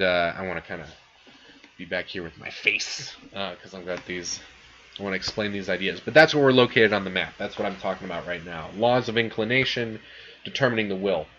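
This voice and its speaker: A man's voice: on the low side, pushed and bright, muffled recording. A young man giving a casual philosophy lecture in a classroom, chatty, with many fillers and restarts.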